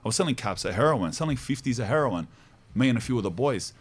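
A man's voice: medium pitch, animated, fast talker, breathy edge. A man with an Australian accent hosting a podcast, telling stories in a casual, slangy way with laughs. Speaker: podcast host. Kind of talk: casual storytelling chat.

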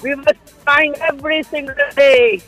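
A man from Pakistan calling in to a radio quiz, effusive and excited, stalling on some answers. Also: very high voice, normal speed, dry recording, faint music behind, poor audio. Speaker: radio caller. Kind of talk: phone-in quiz contestant.

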